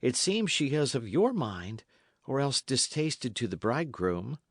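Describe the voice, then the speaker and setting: A man voicing a timid, gentle young runaway who pleads softly and anxiously in an old-fashioned storybook tale. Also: mid-range voice, very animated, measured pace, dry recording, studio quality, pitched above the performer's own voice. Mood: pleading. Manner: soft, anxious, imploring.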